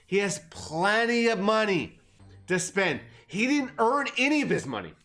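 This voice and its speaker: A man's voice: high voice, very animated, moderate pace, a bit bright. A man ranting on a livestream about markets, profane and agitated. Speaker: market commentary streamer. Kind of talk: livestream rant.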